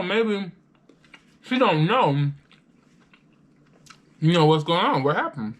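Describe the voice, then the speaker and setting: A young adult woman vlogger telling a casual storytime while eating. She is animated, acts out the voices she quotes and swears freely. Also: mid-range voice, unhurried, long pauses.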